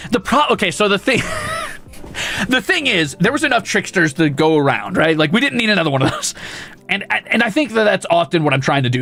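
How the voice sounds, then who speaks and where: A man's voice: on the high side, gravelly, a bit bright. A young man chatting casually on a stream, rowdy and mischievous, swearing often and laughing a lot.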